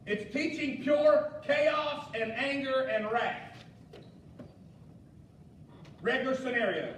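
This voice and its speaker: A male pastor, preaching a fiery sermon with shouted emphasis and folksy asides. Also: sits high, unhurried, pauses often. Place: church sanctuary. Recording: echoey church hall, mic far off, faint noise.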